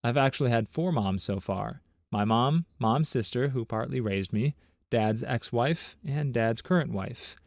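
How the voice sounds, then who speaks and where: A man's voice: medium pitch, a little mellow, no room sound, studio quality. Man reading internet stories aloud. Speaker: narrator of online story compilations. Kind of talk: scripted narration of reader stories and comments.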